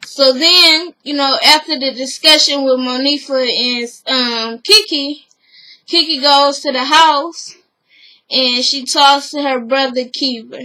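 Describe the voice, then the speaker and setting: Woman vlogger, gossipy casual recap, high voice, bright and sharp, chatty and opinionated. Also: fairly even intonation, takes it slowly, rough recording. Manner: chatty, opinionated, full of "you know" fillers.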